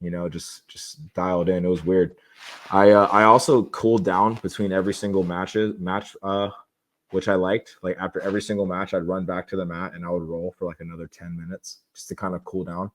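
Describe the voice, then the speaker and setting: A young man with a low, level-toned voice talks a little fast as a podcast guest. In casual interview talk, he speaks candidly about how he prepares for competition, rambling and restarting his sentences.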